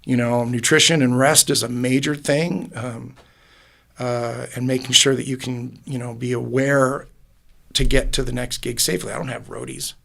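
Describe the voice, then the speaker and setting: Musician guest, male, gravelly, earnest rambling storyteller, podcast booth. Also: mid-range voice, flat delivery, moderate pace, sharp tone. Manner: earnest, rambling storyteller with many restarts and fillers. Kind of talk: casual interview.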